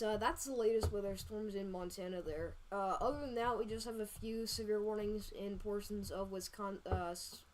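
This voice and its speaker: A woman hosting a live storm-tracking stream, talking casually over radar with many fillers and quick self-corrections. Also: mid-range voice, a little hiss or hum, low-quality recording. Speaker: storm-tracking livestream host. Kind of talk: live weather radar commentary.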